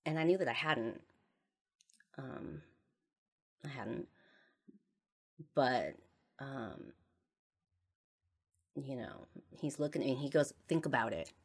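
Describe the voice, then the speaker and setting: A woman with a low voice talks on her podcast about something she regrets. She speaks haltingly, with frequent fillers, and her voice often sinks to a quiet trail at the end of a thought. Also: expressive, vocal fry, breathy edge. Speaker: podcast host. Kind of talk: personal confessional monologue.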